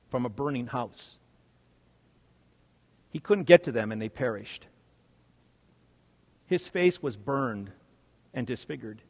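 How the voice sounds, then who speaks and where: A male pastor preaching a sermon, swinging from loud, stressed words to hushed, quiet lines. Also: medium pitch, big-room sound.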